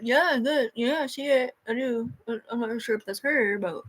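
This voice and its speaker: A woman's voice: a little high, normal speed. A woman talking to her livestream in a rambling, agitated, heavily profane rant.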